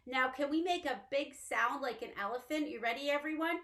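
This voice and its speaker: A woman librarian leading a children's storytime, talking slowly and cheerfully in a sing-song way to young kids. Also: high voice, expressive, a bit bright.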